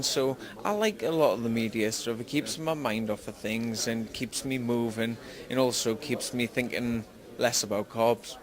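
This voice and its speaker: A young man with a Geordie accent from Newcastle, speaking slowly and carefully in an interview. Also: medium pitch, steady tone. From Newcastle, England. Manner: slow, careful speech, tries to sound articulate. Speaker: fighter. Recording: crowd noise behind.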